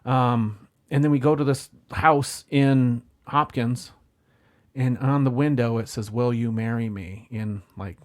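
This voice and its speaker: Profane storytelling man, middle pitch. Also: slow pace. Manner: profane, animated, acts out quotes. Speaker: podcast guest, former limo driver. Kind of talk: casual storytelling chat.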